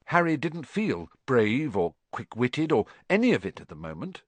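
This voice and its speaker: A man narrating an audiobook with lively, animated delivery, his pitch rising and falling a lot. The recording is dry and close, with no room sound. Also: moderate pace, no echo. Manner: expressive, animated storytelling.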